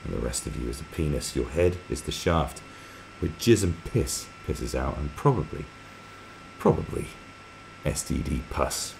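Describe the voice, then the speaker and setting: A man's voice: extremely low pitch, animated, unhurried, creaky, a little mellow, a little hiss or hum. A man hosting a live stream, reading viewer comments aloud and mocking them in a crude, sarcastic way.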